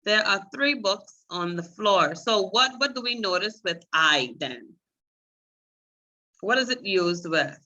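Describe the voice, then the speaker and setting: A woman's voice: medium pitch, animated, slow pace, pushed and bright, dull audio. A woman teaching a beginner Spanish class, explaining patiently step by step and calling on students.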